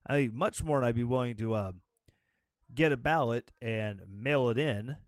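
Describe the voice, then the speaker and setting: A tired male host rants through his show in a rambling, sarcastic way, often slipping into mocking voices. His voice sits at a middle pitch and is recorded dry and close, with no room sound around it. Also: normal speed, no room sound. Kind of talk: casual political rant.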